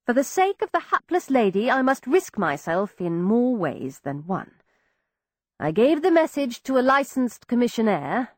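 A woman narrating a period novel in an expressive, measured storytelling manner on a close microphone. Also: mid-range voice, no echo. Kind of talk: audiobook narration.

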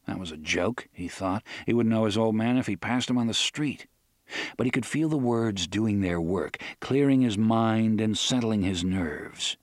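A man narrating an audiobook in a measured storytelling manner. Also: fairly low pitch, dry recording, studio quality. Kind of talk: scripted narration.

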